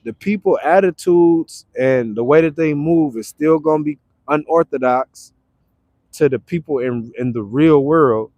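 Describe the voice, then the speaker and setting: A man from Detroit talking casually on a livestream, animated and repetitive, breaking into loud acted retorts. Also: a little high, measured pace, dry recording. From Detroit, Michigan. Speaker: livestream host. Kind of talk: casual motivational livestream talk. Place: now staying in Arizona.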